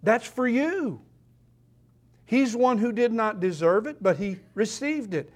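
A man with a high voice preaches a sermon in church. He speaks slowly and emphatically and repeats his key phrases for weight. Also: expressive.

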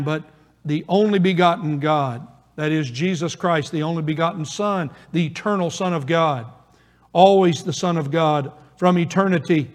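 A man preaching a sermon as pastor, earnest and emphatic, with pauses for weight. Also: on the high side. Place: church. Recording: long reverb of a church hall.

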